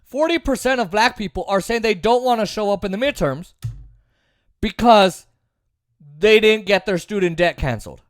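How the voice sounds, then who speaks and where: Animated and at normal speed, this medium-pitched political commentator runs through a sarcastic, opinionated monologue, hammering points by repetition. Opponents are mocked with put-on voices, and the studio-quality audio has no echo.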